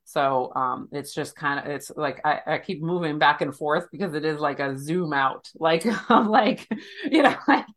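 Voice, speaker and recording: Woman counselor, low voice, casual, searching speech. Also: normal speed, a bit bright. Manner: searching, loose phrasing with many fillers. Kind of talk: casual conversation.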